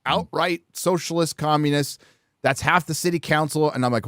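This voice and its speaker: Blunt, profane podcast host, dry sound. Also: male voice, a little high, moderate pace, a bit bright, dry recording. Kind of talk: casual political chat.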